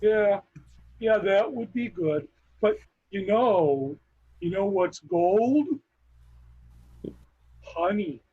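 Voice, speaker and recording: A man's voice: high-pitched, lively intonation, extremely slow, pauses often, dark tone, slightly rough, highs cut off. A man performing in an improvised comedy scene on a video call, sliding playfully between silly put-on accents.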